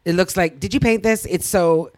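A woman's voice: on the low side, normal speed, dry recording. A woman co-hosting a podcast, chatting casually and gushing as she tells a story. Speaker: podcast co-host. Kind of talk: casual chat.

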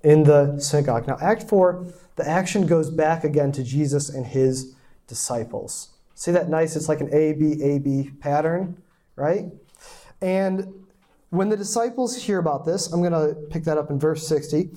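A man delivering a sermon in a relaxed, conversational teaching voice, mellow and warm in tone. He keeps checking in with listeners, and he acts out the crowd's quoted lines with mock outrage. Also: on the high side, normal speed. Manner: conversational teaching, rhetorical asides. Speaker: pastor.

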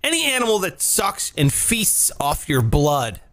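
Swearing, rambling podcast host with jumpy pitch. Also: male voice, huge pitch swings, unhurried, fairly bright tone. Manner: profane, rambling, jokey, big pitch jumps. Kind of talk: casual podcast banter.

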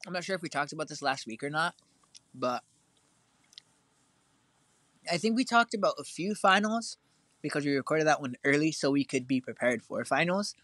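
A man's voice: a little high, lively intonation, moderate pace, pauses often, a bit bright, no echo. Rambling teenage guy telling a story. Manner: rambling, filler-heavy storytelling. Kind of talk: casual chat.

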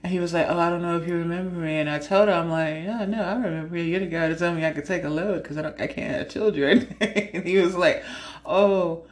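A woman's voice: fairly low pitch, fast. A woman hosting a podcast, chatting casually and frankly, laughing often and acting out conversations. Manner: frank, laughs often while telling stories; animated, acts out her own side of conversations. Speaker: podcast host. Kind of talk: casual chat.

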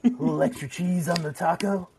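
A man's voice: sits high, fairly even intonation, fairly quick, creaky, noisy background, voice pushed up. A man doing a crude, mocking film character. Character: crude brash man from a comedy film, taunting.

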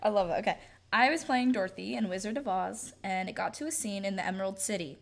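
A woman's voice: medium pitch, quick pace, vocal fry. A young woman co-hosting a podcast, chatting casually, rambling with lots of fillers and giggles. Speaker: podcast co-host. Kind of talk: casual chat.

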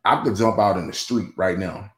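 Low-voiced man rambling in a roomy space. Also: normal speed. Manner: rambling, with many restarts and "you know what I'm saying". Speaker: guest. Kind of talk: casual podcast conversation. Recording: roomy echo.

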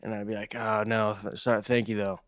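A man's voice: fairly low pitch, level tone, a little fast, smooth, dry recording, clean studio sound. A man co-hosting a podcast, telling stories in a laid-back, casual way, swearing freely and saying "dude" a lot. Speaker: podcast co-host. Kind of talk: casual chat.

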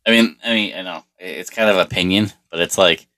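A man's voice: sits low, steady tone, a little fast, bright, forceful tone. A middle-aged man telling a personal story in a rambling, profane way, full of restarts and fillers. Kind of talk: casual storytelling monologue.

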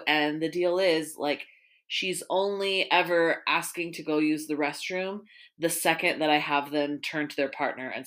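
Reading listener stories on her casual podcast, this host laughs along and mixes in tales from her own job. She has a low-pitched voice with a slightly bright quality.

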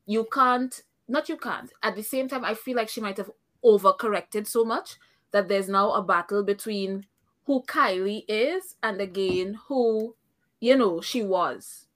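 A woman's voice: medium pitch, unhurried, a bit bright. A woman co-hosting a casual reality-show recap, speaking her opinions firmly, thinking aloud and laughing often. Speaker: podcast co-host.

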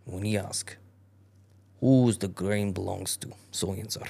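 A man's voice: low-pitched, fairly even intonation, measured pace, creaky, warm tone, husky, exaggerated voice. A man voicing a cunning male tomcat in a put-on German accent, pleading and giving orders in a theatrical way. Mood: commanding.

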